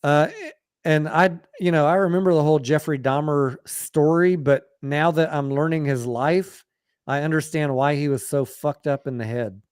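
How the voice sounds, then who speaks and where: A man's voice: fairly high pitch, steady tone, normal speed, a little mellow, clear, resonant tone, no room sound, studio quality. A man hosting a casual late-night live stream about stocks, talking bluntly and swearing offhandedly. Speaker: stock talk show host.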